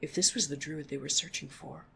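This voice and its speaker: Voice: mid-range voice, fairly even intonation, fairly quick, creaky, pushed and bright, slight background noise. A reader voicing a grave, authoritative male noble leader in a storybook reading. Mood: puzzled.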